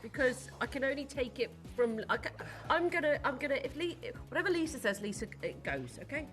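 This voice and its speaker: Bright, high-voiced gushing woman. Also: very animated, a little fast, faint music behind. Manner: gushing, enthusiastic, greets viewers by name. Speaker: shopping channel presenter. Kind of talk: live sales presenting. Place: TV studio.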